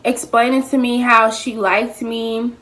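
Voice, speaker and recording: Bright, lively young woman telling a storytime. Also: on the high side, measured pace. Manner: animated, slangy, talks straight to viewers; eating while talking. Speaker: vlogger. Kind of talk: casual storytime vlog.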